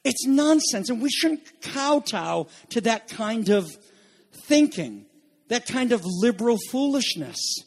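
A man preaching an urgent sermon, swinging between loud pressing warnings and low quiet passages, repeating phrases and asking his listeners questions. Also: sing-song, slow pace, creaky. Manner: repeats phrases for emphasis and asks the audience questions.

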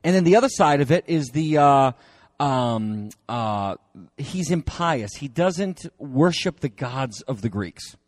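A male lecturer tells stories in a chatty, animated way, full of fillers and restarts. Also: medium pitch, takes it slowly, no echo, studio quality. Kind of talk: storytelling lecture.

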